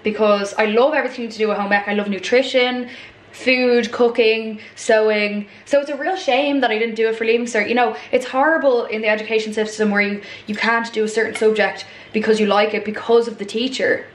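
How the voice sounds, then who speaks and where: A woman's voice: a little high, fairly even intonation, a little fast, a little hiss or hum. A woman in her twenties with an Irish accent, rambling casually as she cooks and chats to camera. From Ireland. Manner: rambling, chatty, many fillers and asides. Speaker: vlogger. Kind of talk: casual chat while cooking. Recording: echoey room.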